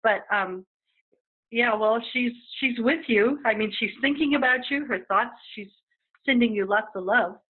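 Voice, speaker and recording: A woman's voice: a little high, normal speed, slightly rough. A woman guest speaking as a psychic medium in a casual chat, talking freely with many fillers and acting out the voices she quotes. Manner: chatty, acts out quoted voices, frequent fillers. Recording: tinny phone-like line.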